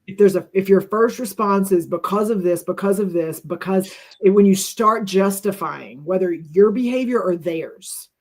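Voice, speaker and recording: A woman's voice: mid-range voice, moderate pace, few pauses, darkish tone. A middle-aged woman co-hosting a talk, telling a personal story in an earnest, reflective way and often restarting her sentences.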